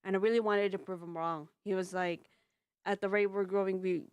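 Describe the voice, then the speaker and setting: A woman's voice: mid-range voice, fairly even intonation, a little fast, very noisy. A young woman leading a voice-dubbing group, thanking her team in casual, rambling chat with many restarts. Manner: effusive, grateful, rambling with restarts.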